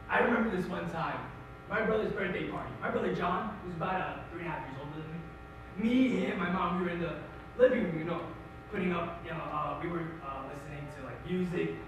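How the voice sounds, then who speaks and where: Teen boy acting as a middle-aged irish-american guy missing his tough dad, high voice that jumps around, echoey school hall from far off. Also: a little hiss or hum. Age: teens. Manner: animated storytelling, wry and emotional. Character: middle-aged Irish-American man, grieving macho son. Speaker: high school forensics performer. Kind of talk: competitive dramatic monologue. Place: school auditorium stage. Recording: echoey hall, distant mic.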